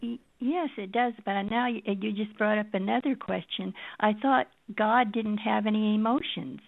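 A woman's voice: medium pitch, fairly even intonation, moderate pace, creaky, dry recording. Puzzled woman caller on a phone line. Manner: puzzled, questioning. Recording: telephone line.

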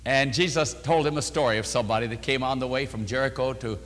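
An older man preaching and answering questions, telling stories with lively, animated delivery. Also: fast, in a large hall, slight background noise. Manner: animated storytelling, voices quotes with rising pitch. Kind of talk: sermon.

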